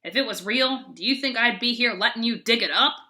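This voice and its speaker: A woman's voice: on the high side, fairly quick, pushed and bright. A woman doing a cranky old man's snide Philadelphia drawl. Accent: mean put-on Philadelphia accent. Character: cranky old man who hates children.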